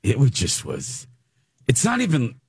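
A man hosting a morning radio show, chatting in a playful, jokey way with drawn-out exclamations. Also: mid-range voice, wildly swooping pitch, a little mellow, husky, no room sound, clean studio sound. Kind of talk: casual morning radio banter.

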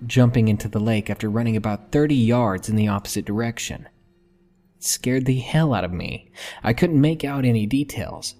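A man narrating a horror story in a slow, measured, hushed way. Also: mid-range voice.

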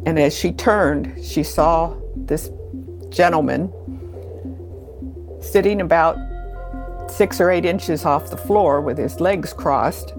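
A middle-aged woman recounting childhood memories in an interview, unhurried and full of pauses. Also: low voice. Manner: slow, unhurried storytelling with pauses. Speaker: interview guest. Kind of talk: storytelling in an interview.

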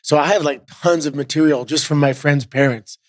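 A man's voice: a little high, a little fast, no echo, clean studio sound. A middle-aged man from Canada, a podcast guest chatting casually and telling stories with lots of fillers. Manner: relaxed storyteller, many fillers. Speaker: guest, former wrestler. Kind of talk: casual interview chat.

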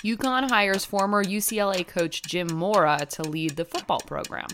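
A woman co-hosting a sports podcast, chatting casually and reading headlines with animated emphasis. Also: medium pitch, moderate pace, a little hiss or hum. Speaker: podcast co-host.

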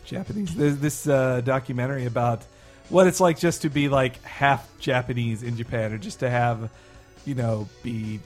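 A man's voice: medium pitch, normal speed, soft background music. Rambling conversational man. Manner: rambling, thinks aloud with restarts. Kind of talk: casual chat.

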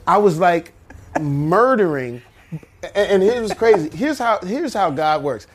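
A man in his fifties, a comedian guest, telling animated stories and slipping into impressions. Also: high voice, takes it slowly. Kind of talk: storytelling in a talk-show interview.

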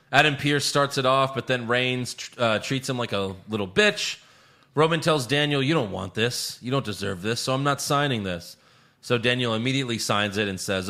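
Podcast co-host, male, bright forward tone, swears freely, loose recap delivery. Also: mid-range voice. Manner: profane, animated recapping. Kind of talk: casual chat.

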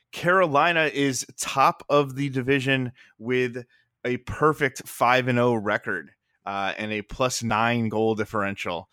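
Male podcast host, mid-pitch, casual and rambling, dry close mic. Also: pushed and bright, dry recording. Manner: laid-back, rambling with fillers. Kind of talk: casual hockey podcast chat.

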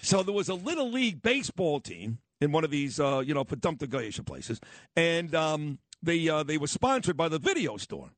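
A man's voice: a little high, moderate pace, dry recording. A brash man with a New York accent holds forth on talk radio, his voice swinging widely up and down as he tells stories. He sounds blunt and unfiltered. The sound is close and dry, with no room around it. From Brooklyn. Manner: blunt, brash, animated storytelling. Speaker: radio host. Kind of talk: opinionated talk radio monologue.

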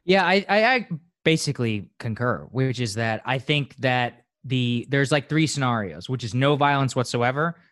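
Male pundit guest, mid pitch, dry recording, blunt and animated. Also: normal speed, no room sound. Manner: emphatic, blunt, gets animated. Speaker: political commentator guest. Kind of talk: casual political discussion.

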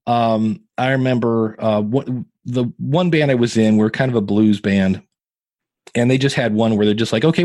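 A man in his fifties, a podcasting guest, telling animated, self-deprecating stories in a casual interview. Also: medium pitch, no echo. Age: 50s.

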